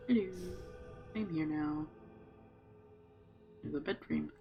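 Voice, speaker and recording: Male streamer, casual commentary over faint game music, mid-high voice. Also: huge pitch swings, takes it slowly, highs cut off. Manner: chatty, reads game notes aloud, talks to himself. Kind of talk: casual let's-play commentary.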